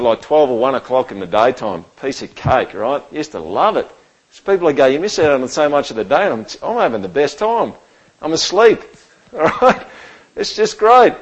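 Conversational preacher, slightly muffled. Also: male voice, fairly high pitch. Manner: conversational, keeps asking the room "right?". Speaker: pastor. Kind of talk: sermon. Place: church.

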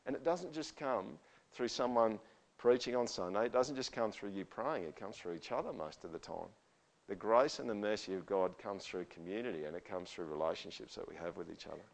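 A male pastor preaching a conversational sermon to his church. He checks in with tag questions and swings from quiet, earnest talk to forceful, emphatic declarations. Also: lowish voice, fairly quick, gravelly. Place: church service.

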